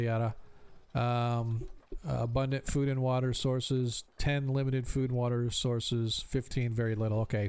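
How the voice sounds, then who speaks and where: A man's voice: mid-range voice, darkish tone, smooth. A man acting as game master for a tabletop game, thinking aloud with many ums as he explains the rules.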